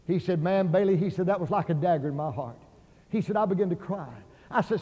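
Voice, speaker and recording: An impassioned evangelist, a man with a high voice, preaching a revival sermon. He acts out the voices in his stories and climbs toward near shouts. The sound is dull and washed in the long reverb of a large auditorium. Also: fast. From Oklahoma.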